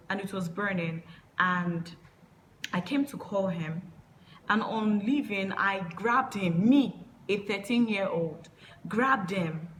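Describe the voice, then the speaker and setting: A young adult woman vlogger recounting a personal story, talking in a halting way with many fillers and restarts. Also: mid-range voice, fairly bright tone, a little hiss or hum, poor audio.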